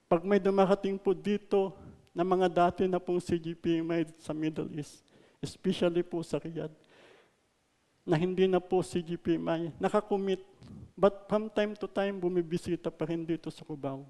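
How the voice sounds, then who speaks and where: A man with a Filipino accent preaching a sermon, mixing English and Tagalog, stressing words loudly and then letting lines trail off softly. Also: sits high, fairly even intonation, normal speed, long reverb tail. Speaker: pastor. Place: church hall.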